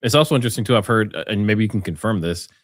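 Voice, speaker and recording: A man hosting an interview, asking questions in a brisk, conversational way. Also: fairly low pitch, expressive, no room sound, studio quality.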